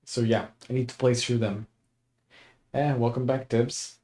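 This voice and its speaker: A man's voice: mid-range voice, steady tone, unhurried, mellow. A young man chatting casually as he streams a game for the first time, laid-back and chuckling often. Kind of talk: casual let's-play commentary.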